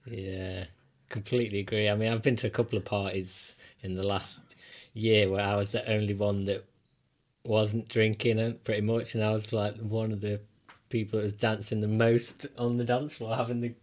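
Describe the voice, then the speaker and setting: Podcast host, man, lowish voice, easygoing and agreeable, asks open questions. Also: little pitch movement, normal speed, darkish tone. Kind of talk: casual interview chat.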